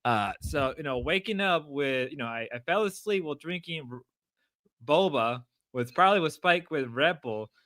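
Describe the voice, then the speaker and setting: Young man, livestream host, crude, erratic, slightly high voice, dry close sound. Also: animated, normal speed, dry recording. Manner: loud, erratic, crude, riffing at chat. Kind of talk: casual stream chat.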